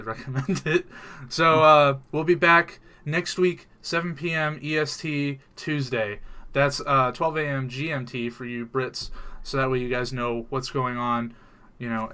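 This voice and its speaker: A man's voice: mid-range voice, sharp tone, clean tone. A man hosting a casual gaming stream, rambling with many "like"s and "dude"s and laughing often. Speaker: podcast host.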